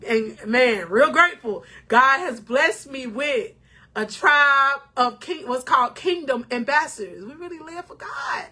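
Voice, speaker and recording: Bright high-voiced woman life coach. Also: lively intonation, unhurried, husky. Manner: emotional, preachy, addresses viewers as king or queen. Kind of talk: motivational talk to camera.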